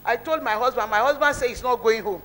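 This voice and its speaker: A woman's voice: fairly high pitch, fast, a bit bright, a little hiss or hum, poor audio. A woman giving a spoken testimony in church, telling her story earnestly, with emotion and many repeats.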